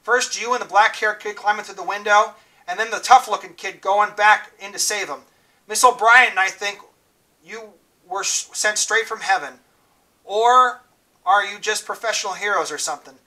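A man reading aloud, voicing a calm, kindly adult schoolteacher who speaks softly and reassuringly to an injured boy. He is heard from some distance away from the mic. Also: high-pitched, moderate pace. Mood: gentle. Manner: soft, reassuring.

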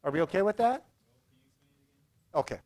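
A man's voice: sits high, animated, moderate pace, darkish tone. A man with an Iranian accent lecturing a university class, explaining ideas through everyday examples and often asking whether students follow.

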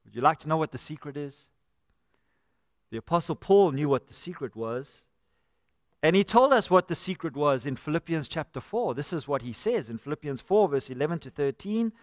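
A man preaches in a church, his fairly high voice earnest and conversational as he keeps turning to the congregation as friends. The sound is close and dry up front, but a long hall reverb trails after his words. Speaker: pastor. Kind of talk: live sermon. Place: church sanctuary.

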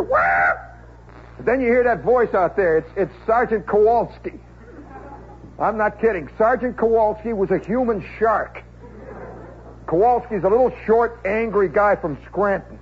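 Forties american guy, radio storyteller, wry and chatty, higher voice, faint hiss on an old tape. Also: moderate pace, narrow, tinny audio. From United States. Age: 40s. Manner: wry, conversational, chuckling asides. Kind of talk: rambling comic storytelling monologue.

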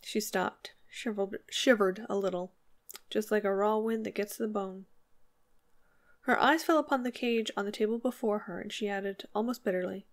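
A woman narrating a classic short story as an audiobook, in a measured, expressive reading. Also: medium pitch. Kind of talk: scripted narration.

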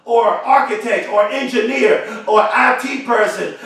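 Man, motivational speaker, very high voice, punchy repetitive delivery, heard from far off in a booming echo. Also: measured pace, vocal fry, fairly bright tone. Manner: emphatic, repetitive, preacher-like delivery. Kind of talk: motivational speech. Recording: very echoey, from far off the mic.

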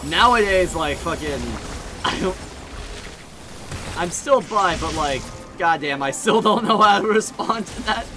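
A man's voice: high voice, animated, a little slow, long pauses, over music. A male streamer chatting casually while playing a game live, giggling often and swearing freely as he rambles.

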